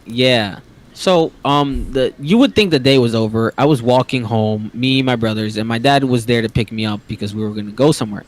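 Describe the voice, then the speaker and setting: A young man from the Bronx casually telling a long story on a podcast, slangy, animated and acting out the voices of other people. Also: mid-range voice, brisk. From the Bronx, New York. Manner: animated, slangy, acts out quoted voices loudly.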